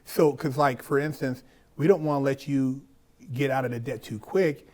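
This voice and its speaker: A middle-aged man hosting a podcast in casual conversation, animated and profane, acting out the people he quotes. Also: mid-range voice, normal speed. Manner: animated, swears freely, acts out quoted people. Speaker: podcast host.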